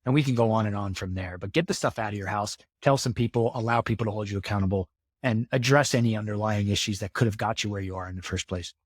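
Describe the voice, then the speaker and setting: A man's voice: lowish voice, fast talker, dry recording, studio quality. A man talking as a podcast guest in casual interview talk, earnest and motivational, repeating himself for emphasis.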